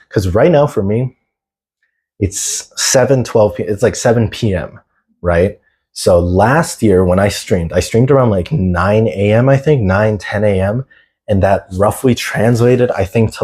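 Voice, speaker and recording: A man's voice: fairly low pitch, mellow, breathy edge. A man chatting casually on a phone livestream, laid-back and slangy, answering viewers' chat. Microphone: phone camera.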